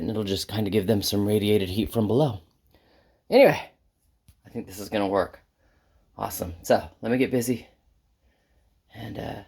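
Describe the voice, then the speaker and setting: Very low-voiced woman explaining a project. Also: creaky, dark tone, husky. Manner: rambling step-by-step explaining, frequent restarts. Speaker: backyard chicken keeper. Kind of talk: casual how-to vlog.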